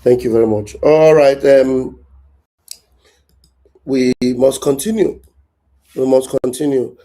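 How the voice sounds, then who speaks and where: A man's voice: medium pitch, takes it slowly, mellow. A man hosting a call-in show, chatting casually, laughing often and humming along as callers speak. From Nigeria. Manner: laughs often, short backchannel hums. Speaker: host.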